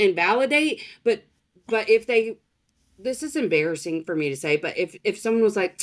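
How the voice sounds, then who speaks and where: A woman's voice: on the high side, normal speed. A woman guest on a podcast, talking candidly and expressively, swearing freely in casual conversation.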